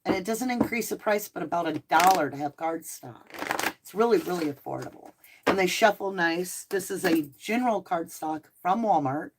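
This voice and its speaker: A woman's voice: on the low side, normal speed, noisy background. Chatty woman with a Southern-Northern American accent. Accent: mixed Southern and Northern American. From Southern United States. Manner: chatty and animated, laughing easily. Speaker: live stream host. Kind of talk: casual live chat reading viewer comments.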